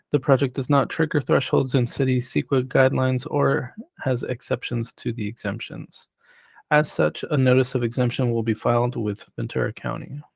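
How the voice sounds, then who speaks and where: A man on city planning staff who presents a formal report in a measured way, reading prepared remarks. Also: medium pitch, vocal fry, no echo. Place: city council chamber.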